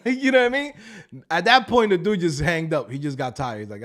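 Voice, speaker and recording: A man hosting a live stream, telling a story in an animated, casual way with swearing. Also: high-pitched, moderate pace. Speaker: livestream host. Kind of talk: casual livestream chat.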